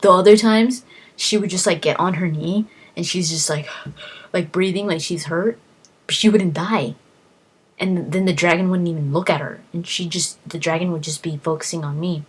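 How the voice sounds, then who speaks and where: A woman casually chatting about a video game she is playing, excitable and rambling, often repeating her words as she talks. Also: on the low side, moderate pace, husky. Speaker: gaming vlogger.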